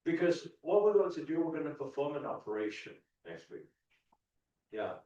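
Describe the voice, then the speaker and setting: A man giving an animated, repetitive motivational talk to a live audience, chuckling often. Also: on the high side, moderate pace. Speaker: spiritual coach. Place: large event ballroom. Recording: echoey dull hall sound from far off.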